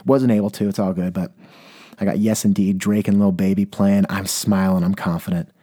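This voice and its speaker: A young man talks on his own podcast in a loose, rambling way, restarting his sentences and poking fun at himself. His voice sits low and sounds mellow and soft-edged, with a slight stuffiness from a cold. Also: steady tone, a little fast. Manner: rambling, self-deprecating, with many restarts. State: a little congested from a cold. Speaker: podcast host. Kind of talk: casual solo podcast monologue.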